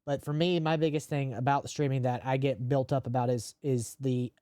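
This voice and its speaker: A man hosting a gaming podcast, speaking candidly and emotionally, with deadpan jokes. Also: medium pitch, normal speed, clear, resonant tone, dry recording, studio quality. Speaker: podcast host and live streamer. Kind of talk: casual podcast chat.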